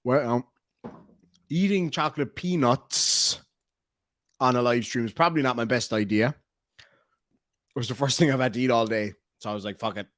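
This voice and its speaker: A man's voice: mid-range voice, brisk, pauses often, fairly bright tone, dry recording. Chatty man on a dry mic. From Ireland. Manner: chatty, joking, reads donations aloud. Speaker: livestream host. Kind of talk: casual livestream commentary.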